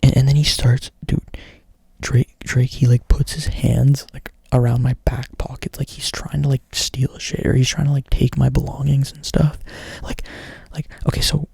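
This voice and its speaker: A man's voice: medium pitch, level tone, moderate pace, vocal fry, dark tone, husky, no echo. A young man doing whispered ASMR storytelling up close to the mic, rambling casually and swearing a lot. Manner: rambling, profane, filler-heavy casual talk. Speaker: ASMR creator.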